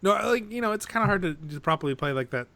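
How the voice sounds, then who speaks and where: A man's voice: on the high side, fast talker, no room sound. A man on a podcast, talking casually and with energy as he retells a movie, swearing freely and acting out lines from it. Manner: animated, swearing, acts out quoted lines. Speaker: podcast co-host.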